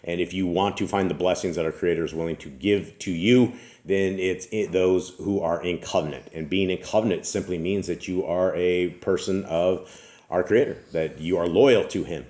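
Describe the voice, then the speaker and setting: A man's voice: low voice, steady tone, moderate pace, dark tone. A man hosting a family scripture channel, joking casually and then preaching emphatically. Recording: echoey room.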